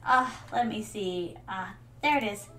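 A woman's voice: medium pitch, a little slow, pushed and bright. A woman streaming a video game, chatting playfully and theatrically with viewers she calls her darlings. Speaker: VTuber streamer. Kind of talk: casual gameplay commentary.

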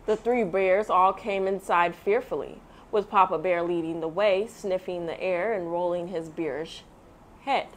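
A woman reading a children's picture book aloud, with expressive storytelling, then sharing her thoughts. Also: fairly low pitch, unhurried, a little hiss or hum. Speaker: read-aloud host.

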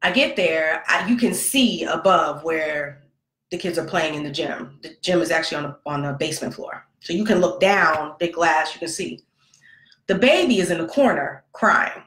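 A woman's voice: low-pitched, normal speed. A woman telling a long personal story about her son, talking casually and acting out the dialogue. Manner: animated, conversational, acts out quoted dialogue. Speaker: podcast host, mother. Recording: roomy echo.

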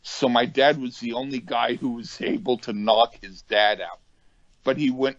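A man's voice: medium pitch, moderate pace, dry recording. A middle-aged man co-hosting a podcast in casual chat, restarting sentences often and laughing easily. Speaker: podcast co-host. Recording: dull lo-fi podcast audio.

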